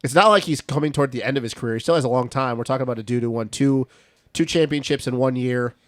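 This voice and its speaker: Fast-talking man musing aloud. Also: mid-range voice, no echo. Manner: quick, musing, repeats questions. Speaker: podcast co-host. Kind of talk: casual chat. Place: small studio.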